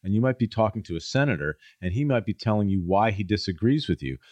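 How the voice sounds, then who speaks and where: A middle-aged man talking as a guest, with a low voice. He tells stories loosely and acts out the people in them. The sound is dry and close. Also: animated, fast, a little mellow, no echo. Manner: storytelling, acts out quoted people in a raised voice. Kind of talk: casual conversation.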